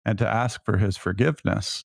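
Earnest man, fairly low voice. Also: moderate pace, gravelly, no room sound, studio quality. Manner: earnest, reflective storytelling. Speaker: podcast co-host. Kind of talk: faith podcast conversation.

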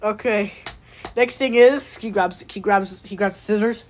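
A woman's voice: mid-range voice, steady tone, a little slow, slight background noise. A woman hosting a puppet comedy skit, bossy and giggly as she orders the other characters around. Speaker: puppeteer host.

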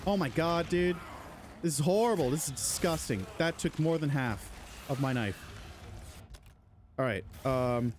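Jumpy, animated male gamer. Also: fairly high pitch, measured pace, pauses often, slight background noise. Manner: jittery, panicky running reactions; talks to enemies on screen. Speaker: gaming channel host. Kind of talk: let's play commentary.

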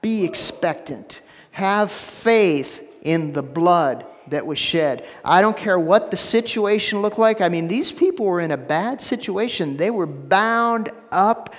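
A man preaching a sermon as pastor, emphatic, repeating phrases and dropping to a hushed low voice for stress. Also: lively intonation, slow pace, big-room sound. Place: church sanctuary.

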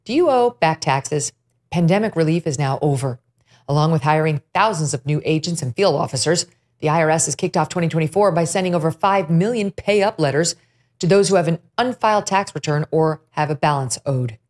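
A middle-aged woman hosting an interview show, making brisk wry interjections and reading an ad. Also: deep voice, a little mellow. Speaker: show host. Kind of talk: interview chat and ad read.

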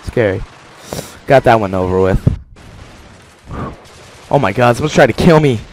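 A man giving joking commentary over his own gameplay, mostly deadpan and mock-serious, with sudden excited outbursts. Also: medium pitch, measured pace, a little hiss or hum. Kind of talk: joking live game commentary. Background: game gunfire and explosions.

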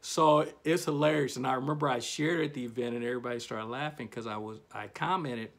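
A man, a self-help author and host, giving a casual motivational talk to camera and telling stories with big swings in pitch and loudness. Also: fairly quick.

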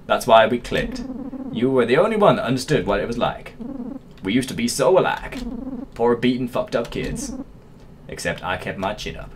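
A man voicing a bitter grown man in a game, with a put-on Southern US accent and a low, scornful delivery. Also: big pitch swings, normal speed, background noise, close to an everyday voice.

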